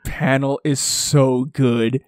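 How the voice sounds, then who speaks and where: A man co-hosting a podcast, chatting excitedly about a comic chapter and reading lines aloud with laughter. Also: medium pitch, takes it slowly, no room sound, clean studio sound. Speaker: podcast co-host. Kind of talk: casual chat reviewing a comic chapter.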